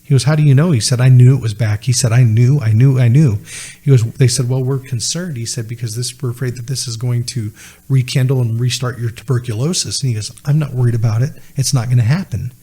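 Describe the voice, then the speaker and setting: A man's voice: mid-range voice, fairly even intonation, fast talker, warm tone, slightly rough. A man, telling a personal story as a podcast guest, earnestly retelling conversations. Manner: earnest, retells dialogue with many "he said" asides.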